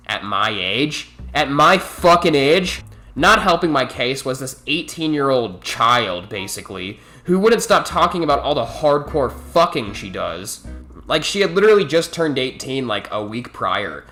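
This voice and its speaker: A man's voice: mid-range voice, fairly bright tone. A man telling a personal story in a profane, rambling storytime monologue. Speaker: storytelling vlogger.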